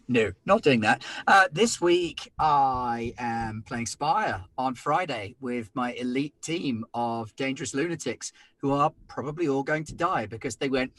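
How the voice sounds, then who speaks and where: A man's voice: mid-range voice, lively intonation, a little slow, fairly bright tone, no room sound. A man and game master chatting casually, in a playful, rambling way. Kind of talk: casual chat.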